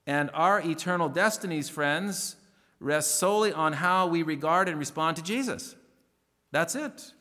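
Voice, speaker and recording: A male pastor delivering a sermon in an earnest, emphatic way, slowing down to read scripture verses. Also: on the high side, pushed and bright, long reverb tail. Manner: earnest preaching, rising emphatic stresses, slows to read verses. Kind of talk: radio sermon.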